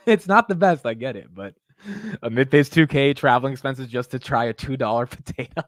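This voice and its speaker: A young man hosting a finance livestream, talking in an excitable, rambling way and calling his viewers bro and dude. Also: mid-range voice, a little fast, no room sound, studio quality. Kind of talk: casual live-stream chat.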